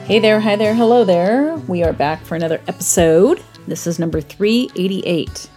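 A woman's voice: mid-range voice, normal speed, warm tone, faint music behind. A middle-aged woman hosting her own podcast, talking bluntly and casually, swearing freely and laughing at herself. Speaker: podcast host. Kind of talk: solo podcast monologue.

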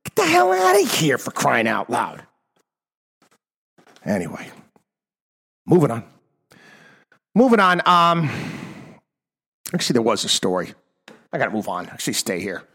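Exasperated ranting male talk host. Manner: ranting, exasperated, swings from loud outbursts to low mutters. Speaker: radio talk show host. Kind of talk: opinionated monologue.

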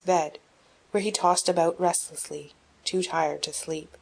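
A woman reading a classic children's novel aloud in even, measured narration. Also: on the low side, creaky. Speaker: audiobook reader. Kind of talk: scripted narration.

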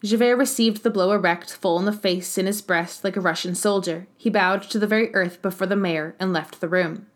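A woman narrating a classic novel as an audiobook, reading in a measured, expressive way. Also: medium pitch.

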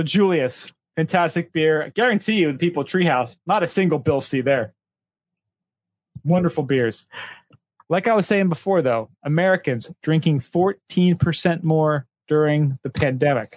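A man's voice: a little high, normal speed, dry recording. A man co-hosting a podcast in casual chat, joking and riffing on bits. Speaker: podcast co-host.

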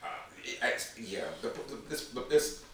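A man co-hosting a casual podcast chat, rambling with halting restarts. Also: medium pitch, lively intonation, sharp tone. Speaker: podcast co-host. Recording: echoey room, mic far off, faint noise.

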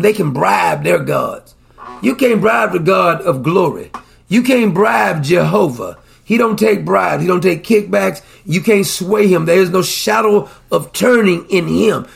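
Gravelly high-voiced fervent preacher man. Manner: fervent, conversational, swings between fast asides and slow drawn-out emphasis; scolding, down-to-earth. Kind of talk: sermon.

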